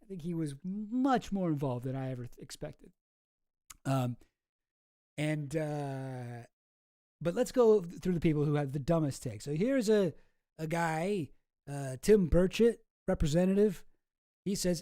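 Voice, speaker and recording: A man's voice: a little high, animated, a little slow, warm tone, no echo, studio quality. A man streaming, casually reacting to clips with sarcastic, rambling commentary and many restarts.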